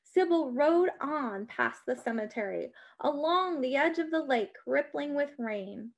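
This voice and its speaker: A woman reading a children's story aloud with an expressive, dramatic delivery. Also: high-pitched, a little slow, vocal fry.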